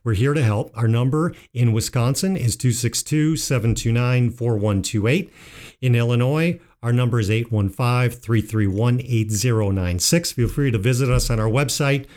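A man hosting a financial talk show, telling a joke slowly in a folksy way. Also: mid-range voice, a little mellow. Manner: unhurried, folksy storyteller. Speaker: financial advisor and show host. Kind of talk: casual radio talk with told jokes.

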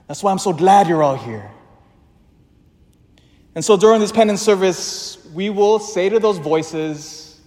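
Priest guy preaching, kinda high voice, big churchy reverb, slows right down to hit the point. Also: expressive, darkish tone. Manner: storytelling, emphatic, slows down for emphasis. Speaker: pastor. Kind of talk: sermon.

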